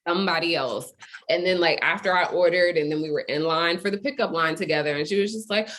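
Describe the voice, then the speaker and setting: A young adult woman, a guest in casual conversation, telling a story in animated, quick bursts. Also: fairly low pitch.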